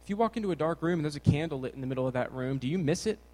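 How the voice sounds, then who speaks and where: A young man preaching a casual sermon to teenagers, energetic and jokey in his delivery. His voice sits a bit high for a man. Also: very fast, rough recording. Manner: energetic, jokey, bouncing around. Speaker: youth pastor.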